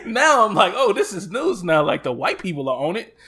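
A man co-hosting a casual chat, telling stories with lively acted-out quotes and laughter. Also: high-pitched, a little fast, breathy edge. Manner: animated, acts out quotes with loud jumps and laughs. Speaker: podcast co-host.

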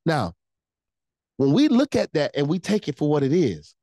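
A pastor preaching a livestreamed sermon, animated and repeating phrases for emphasis while calling out to the online chat. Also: medium pitch, moderate pace, dry recording, low-quality recording.

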